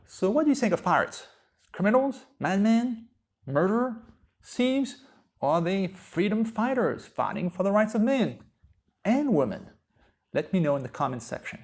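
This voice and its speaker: A man, a history professor, giving a recorded lecture and telling stories lively, with rhetorical questions. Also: sits high, moderate pace.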